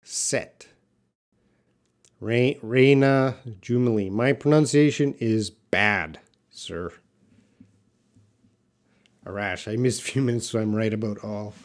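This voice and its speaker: Slow, unhurried male English teacher. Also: fairly low pitch. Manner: relaxed, drawn-out, models words slowly. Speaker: English teacher hosting a live class. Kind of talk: live-stream lesson, reading chat comments.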